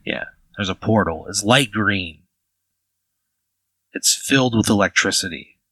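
A man's voice: on the low side, unhurried, pushed and bright, husky, dry recording, rough recording. A man narrating as game master in a rambling way, full of "like" fillers.

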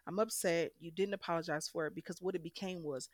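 A young woman speaks frankly about her life, pressing hard on the points that matter to her. Her voice sits a little low. It is recorded close and dry, with no room sound. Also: fairly quick, few pauses, a little mellow, no echo. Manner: candid, emphatic, frank. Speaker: guest telling her story. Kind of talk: emotional personal storytelling.

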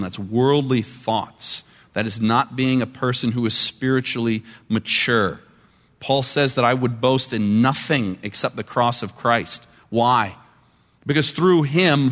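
Man preaching in a reverberant hall. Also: mid-range voice. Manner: conversational preaching, shifting between quiet and emphatic. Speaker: pastor. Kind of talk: sermon. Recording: long reverb of a large hall.

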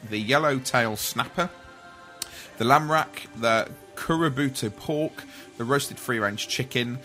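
A man's voice: medium pitch, measured pace, pushed and bright, soft background music. A man hosting a casual podcast chat, reading out menu items and laughing along with his co-hosts. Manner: chatty, reads out menu lists, laughs often. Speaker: podcast host.

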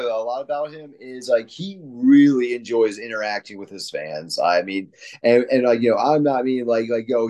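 Man, casual co-host. Mellow, relaxed, filler-heavy rambler. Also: mid-range voice. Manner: rambling, filler-heavy, enthusiastic fan talk. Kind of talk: casual chat.

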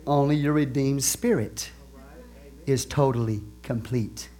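A man preaching a sermon as pastor, animated, swinging between soft asides and loud exclamations, stretching key phrases slowly. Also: medium pitch. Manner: laughs and asks the congregation questions.

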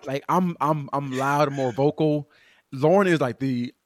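A man with a slightly high voice chats on a podcast, rambling through his thoughts with many restarts. The sound is dry and close, with no room around it. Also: moderate pace, a bit bright, no echo. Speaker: podcast co-host. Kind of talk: casual chat.

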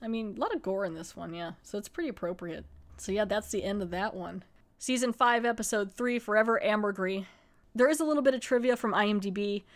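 A woman's voice: medium pitch, expressive, a little fast. A young woman hosting a podcast, casually recapping a TV episode in a rambling, chatty way full of fillers and laughs. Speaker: podcast host reviewing TV episodes. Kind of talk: casual chat recapping a show.

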